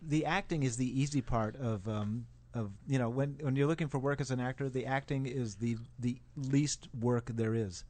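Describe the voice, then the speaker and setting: A man, an actor guest on a radio show, talking in a studio with dry, self-mocking humor and many pauses. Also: mid-range voice, fairly even intonation, a little mellow. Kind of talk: casual radio interview.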